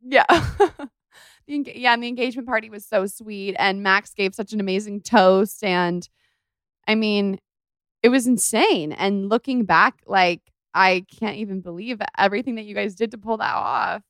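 A woman's voice: medium pitch, normal speed, a bit bright, clear, resonant tone, no room sound, studio quality. A woman hosting a podcast, chatting casually and gushing as she tells a story. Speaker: podcast host. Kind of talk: casual chat.

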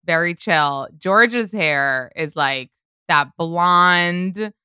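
Bright gossipy young woman podcast host. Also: lowish voice, very slow, clean tone, dry recording, clean studio sound. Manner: gossipy, uses "like" a lot. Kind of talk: casual interview chat.

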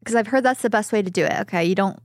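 A woman co-hosting a casual podcast, from Southern California, chatting in an animated way and acting out what other people said. Her voice sits at a middle pitch, recorded close and dry with no room sound. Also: racing, dry recording. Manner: animated storytelling, quoting others in lively voices. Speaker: podcast co-host. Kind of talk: casual chat.

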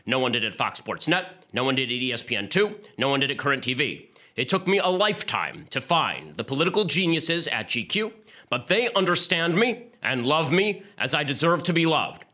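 A man's voice: on the high side, sharp tone, heavily acted. A man putting on a comic impression of a pompous, self-important male TV pundit, declaiming grandly and melodramatically.

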